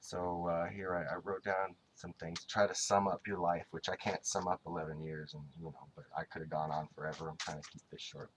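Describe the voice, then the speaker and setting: A man giving a casual, rambling tribute to his dog. He speaks to the dog directly and fondly, in halting phrases full of restarts. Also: sits low, flat delivery, slight background noise.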